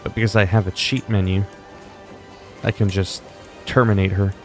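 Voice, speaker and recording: A man's voice: lowish voice, level tone, normal speed, a little mellow. A man casually commenting while streaming a strategy game, brash and profane, slipping into mock-regal lines. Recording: faint game music behind.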